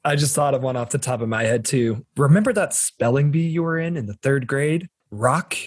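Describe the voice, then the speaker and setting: Husky-voiced man chatting about movies. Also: medium pitch, animated, normal speed, no echo, studio quality. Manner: laughing, swearing, acts out quoted lines. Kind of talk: casual chat, reciting movie quotes.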